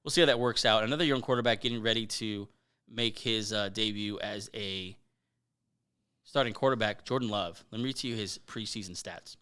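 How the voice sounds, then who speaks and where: A man's voice: fairly low pitch, brisk, bright, forceful tone, clear, resonant tone. A man hosting a casual sports podcast, conversational and thinking aloud. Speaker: podcast host.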